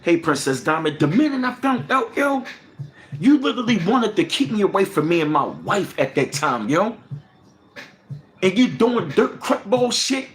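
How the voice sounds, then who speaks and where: Angry and foul-mouthed, a man hosting a livestream rants in circles, his volume jumping between loud eruptions and muttered asides.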